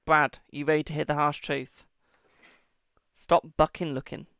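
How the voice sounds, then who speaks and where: A British man chats through a live-stream tarot reading, calling his viewers darling and boo. His voice sits a little high and has a gravelly edge. The sound is close and dry, with no room around it. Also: little pitch movement, unhurried, a bit bright, dry recording. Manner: chatty, affectionate, calls viewers darling and boo.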